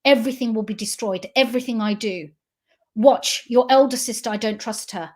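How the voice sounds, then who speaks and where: A woman's voice: on the high side, a little fast, a little mellow, pitched below the performer's own voice, close to an everyday voice. A woman quoting her late father, an older man giving an ominous warning. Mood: grave warning.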